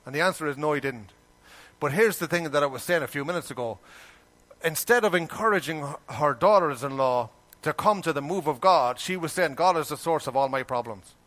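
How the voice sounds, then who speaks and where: Preaching man with a higher voice. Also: fairly quick. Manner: animated, rhetorical questions, colloquial grammar. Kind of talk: sermon.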